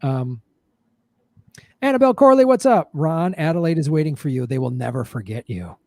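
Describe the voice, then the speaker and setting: A man's voice: fairly high pitch, sing-song, moderate pace, a little mellow, no echo, clean studio sound. A man hosting a casual live-stream chat, riffing jokingly and reading viewer comments aloud. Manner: jokey, riffing, reads chat messages aloud.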